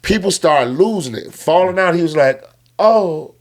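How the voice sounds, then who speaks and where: A man from Chicago, a comedian who is a guest on a podcast, telling stories in casual chat. His delivery is animated, dropping low and quiet before rising loud and excited. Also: normal speed. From Chicago, United States.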